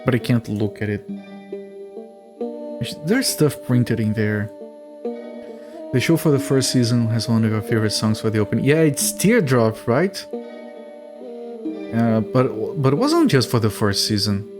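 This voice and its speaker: Male game streamer, mid-pitched voice, rambling casual commentary, faint music underneath. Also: lively intonation, measured pace, pauses often. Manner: chatty, rambling, thinks aloud, swears. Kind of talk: casual let's-play commentary.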